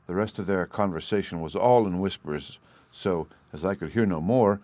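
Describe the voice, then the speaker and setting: A man with a fairly low voice reads a classic story aloud at a steady, measured pace. The recording is dry and close, with no room sound around him. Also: no room sound. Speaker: audiobook narrator. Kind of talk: scripted audiobook narration.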